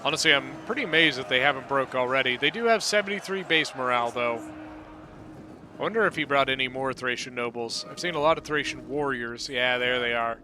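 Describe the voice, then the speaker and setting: Bright-voiced man narrating a strategy game. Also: medium pitch, brisk, slight background noise. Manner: relaxed rambling play-by-play, self-correcting. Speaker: game commentator. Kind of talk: casual gameplay commentary.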